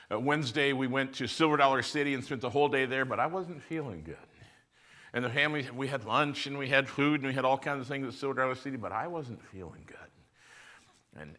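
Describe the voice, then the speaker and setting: A male pastor with a medium-pitched voice tells a personal story in a sermon. His delivery is conversational, shifting between loud emphasis and hushed moments.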